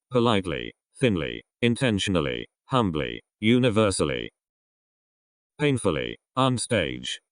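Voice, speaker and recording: Man, deep voice, lively pitch, reading a word list, dry recording. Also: no room sound. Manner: reads isolated words one by one in a falling list cadence. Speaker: vocabulary word reader.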